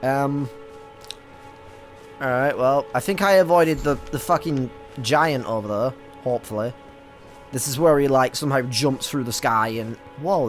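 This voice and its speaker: A young British man giving casual, excitable commentary while playing a game, swearing often and stumbling over his words. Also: mid-range voice. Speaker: gaming streamer. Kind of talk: casual let's-play commentary.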